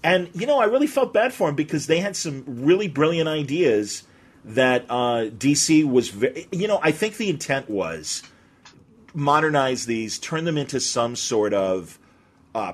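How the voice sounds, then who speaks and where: Husky, enthusiastic podcast host man. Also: medium pitch, expressive, moderate pace. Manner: enthusiastic, rambling, lots of restarts and fillers. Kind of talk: casual podcast conversation.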